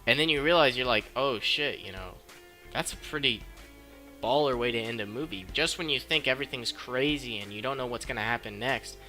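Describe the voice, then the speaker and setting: A man recapping a film casually, swearing a lot and rambling excitedly, on a cheap mic. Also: mid-range voice. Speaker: film review vlogger. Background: background noise and faint music.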